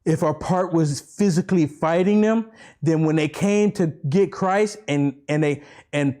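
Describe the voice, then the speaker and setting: This is an impassioned political rant aimed at the camera from a vlogger with a high-pitched voice. Circling back over the same points, he bombards the listener with pressing rhetorical questions, rising almost to a fervent shout before sinking into slow, low preaching.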